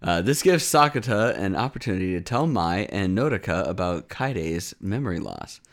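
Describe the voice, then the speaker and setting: A man co-hosting a casual podcast, recapping episodes and acting out characters in squeaky voices, laughing often. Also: moderate pace. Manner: animated, acts out lines in high squeaky voices, laughs often. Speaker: podcast co-host recapping an anime. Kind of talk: casual chat.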